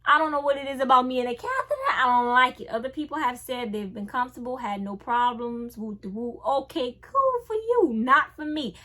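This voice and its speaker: Animated young woman telling a story. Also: sits high, brisk, few pauses. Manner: animated, swings between hushed and loud. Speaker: vlogger. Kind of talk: casual storytime.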